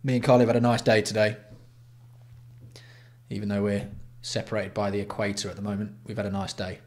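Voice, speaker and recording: A man's voice: lowish voice, little pitch movement, brisk, a little mellow. A man from England hosting a casual livestream, greeting viewers by name with blunt, sweary banter. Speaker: livestream host.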